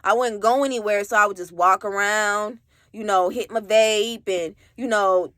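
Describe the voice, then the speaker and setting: A woman's voice: medium pitch, fairly even intonation, moderate pace, fairly bright tone, dry recording. A young adult woman telling her own story in a rambling, candid way, full of "like" and casual swearing.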